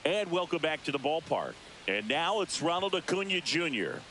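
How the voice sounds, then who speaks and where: A man voicing a brisk, upbeat play-by-play announcer in a baseball video game, with a polished broadcaster delivery. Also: fairly high pitch, big pitch swings, fairly bright tone, a little hiss or hum. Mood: calling play.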